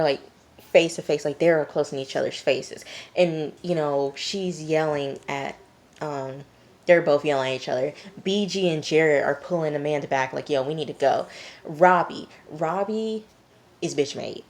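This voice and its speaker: A woman's voice: deep voice, a little slow, a little mellow. Chatty woman recapping a reality show. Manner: chatty and blunt, heavy use of "like". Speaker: TV review vlogger. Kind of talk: casual episode recap.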